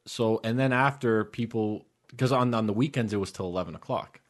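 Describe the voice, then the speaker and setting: A man's voice: fairly low pitch, a little fast. A man co-hosting a casual podcast, arguing points and telling stories. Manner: chatty, argumentative, tells stories. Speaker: podcast co-host. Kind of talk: casual chat.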